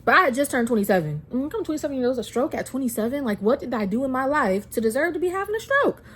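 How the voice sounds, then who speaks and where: A woman's voice: sits high, very animated, fast, breathy edge. A woman in her twenties telling a personal story to camera in a chatty way, full of fillers and restarts, and near tears at times. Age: 20s. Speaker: vlogger.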